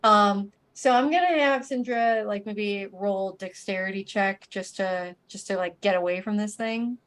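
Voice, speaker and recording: A woman acting as dungeon master narrates a tabletop game in a medium-pitched, unhurried voice. Her narration rambles loosely and is full of fillers.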